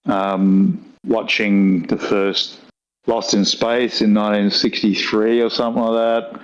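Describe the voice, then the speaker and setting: A man's voice: lowish voice, flat delivery, a little slow, lo-fi sound. An older man from Australia with a broad rural Australian accent, telling rambling stories with dry humour in a casual chat. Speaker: guest.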